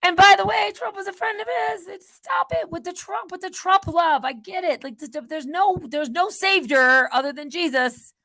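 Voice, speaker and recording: A woman hosting her own channel, rambling in a casual monologue that swings between loud outbursts and quiet muttered asides. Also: very high-pitched, moderate pace, few pauses, dry recording, clean studio sound. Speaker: channel host.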